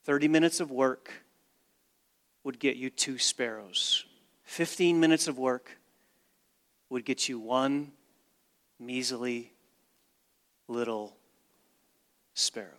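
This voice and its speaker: A man preaching a sermon as pastor, with dramatic swings from hushed to loud and emphatic delivery. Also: medium pitch, fairly even intonation, slow pace, pauses often. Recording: long reverb of a large hall.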